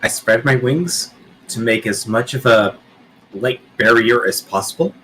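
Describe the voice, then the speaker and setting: A man's voice: medium pitch, unhurried, fairly bright tone, a little hiss or hum, poor audio. A man playing a tabletop game who states his moves briefly and plainly. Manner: brief, matter-of-fact action statements. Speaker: player.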